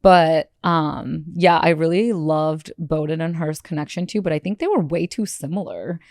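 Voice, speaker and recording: A woman's voice: low-pitched, normal speed, a little mellow, no echo, studio quality. A woman co-hosting a podcast, chatting in a bubbly, giggly way and acting out quotes. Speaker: podcast co-host. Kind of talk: casual chat.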